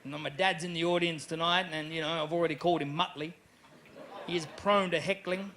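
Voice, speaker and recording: Australian male stand-up, high bright voice, animated, faint crowd noise from a live venue. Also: brisk. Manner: animated, jumps into loud character voices. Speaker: stand-up comedian. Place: comedy club stage.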